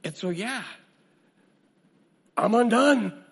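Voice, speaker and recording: A male minister preaching a sermon, swinging from hushed storytelling to booming emphasis with a repetitive cadence. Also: expressive, slow, vocal fry, breathy edge, big-room sound.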